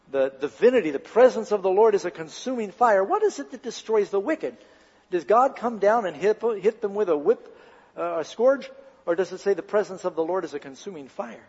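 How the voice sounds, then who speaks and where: A man's voice: sits high, a little mellow, husky, in a large hall, dull audio. A man preaching a sermon as pastor, retelling a scene dramatically and asking the congregation rhetorical questions.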